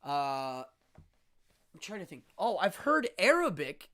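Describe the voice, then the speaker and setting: Male host, magician type; theatrical, lively pitch, loose livestream chat. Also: takes it slowly. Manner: dramatic and animated, stumbling restarts. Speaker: magician and occultist hosting a live show. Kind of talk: casual livestream monologue.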